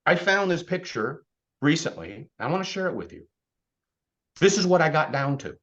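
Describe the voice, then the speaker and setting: A man giving a blunt, fired-up motivational talk to his team, swinging between loud bursts and hushed asides. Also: fairly high pitch, sing-song, moderate pace, lo-fi sound. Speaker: insurance agency leader speaking to his team.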